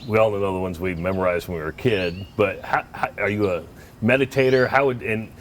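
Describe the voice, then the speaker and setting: A man's voice: lowish voice, brisk, slight background noise. A man co-hosting a casual conversation, asking curious, upbeat questions and laughing easily. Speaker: co-host, interviewer.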